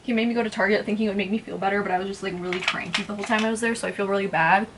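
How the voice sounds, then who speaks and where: A woman's voice: mid-range voice, steady tone, racing, a bit bright, a little hiss or hum. A woman in her twenties chatting casually at home while doing her makeup, rambling and blunt, swearing freely. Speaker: beauty vlogger. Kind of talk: casual get-ready-with-me chat.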